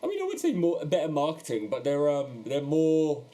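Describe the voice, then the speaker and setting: A man's voice: fairly high pitch, moderate pace. Joking young London man. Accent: London English. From London, England. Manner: joking, animated, swears freely. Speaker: podcast co-host. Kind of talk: casual chat.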